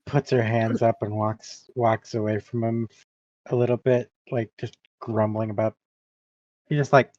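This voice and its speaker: A man's voice: medium pitch, little pitch movement, measured pace, a little mellow, muffled recording. A man playing in a tabletop game, casually describing his character grumbling. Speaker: player.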